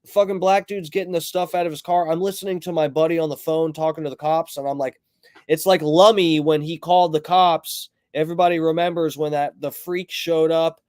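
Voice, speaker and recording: A man on a livestream tells a story in a loose, rambling, profane way, breaking off to greet chat viewers. His voice sits a little high for a man. The sound is dry and close, with little room echo. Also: a little fast, clear, resonant tone. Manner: rambling, profane, animated retelling. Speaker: livestream host.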